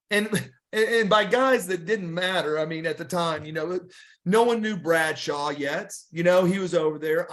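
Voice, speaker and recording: Middle-aged guy, high-ish voice, chatty, stops and restarts a lot. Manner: rambling, animated, frequent restarts and fillers. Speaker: guest wrestler. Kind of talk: casual storytelling interview.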